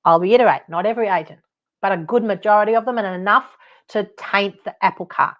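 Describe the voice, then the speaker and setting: A woman's voice: mid-range voice, fast talker, dull audio. A woman with an Australian accent hosting her own podcast as a buyer's advocate, talking in a blunt, chatty way and laughing at her own stories. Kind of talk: casual solo podcast talk.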